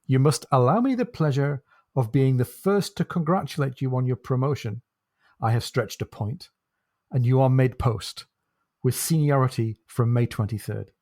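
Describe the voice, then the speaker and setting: A man co-hosting a podcast, musing about a novel and posing questions in a relaxed chat. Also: mid-range voice, no echo, clean studio sound. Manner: thoughtful, poses questions to the listener. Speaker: podcast co-host. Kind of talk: casual book discussion.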